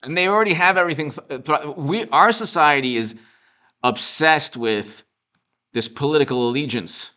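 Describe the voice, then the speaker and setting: A man's voice: on the high side, normal speed, bright, forceful tone. A man giving off-the-cuff political commentary, mocking and sarcastic, rambling with restarts. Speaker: political commentator and show host.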